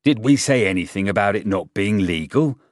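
A man voicing a rude, chain-smoking middle-aged police captain who talks loudly and bluntly in an audiobook reading. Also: lowish voice, animated, brisk, dry recording, studio quality. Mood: scolding. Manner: loud, gruff and blunt.

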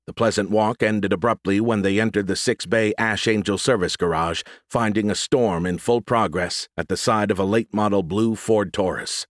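A man with a voice on the low side narrates an audiobook, reading in a steady, measured way. The recording is studio quality with no echo.

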